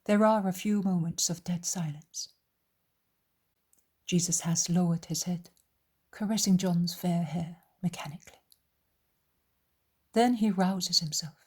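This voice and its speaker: A woman narrating an audiobook in a soft whisper, very slow and hushed. Her voice is heavily breathy and airy and sits somewhat low. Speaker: audiobook reader.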